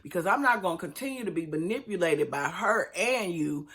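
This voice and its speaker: A woman's voice: on the low side, animated, brisk, a bit bright. A woman voicing a middle-aged mother who is fed up with her grown son, speaking firmly and scolding. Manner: firm, scolding.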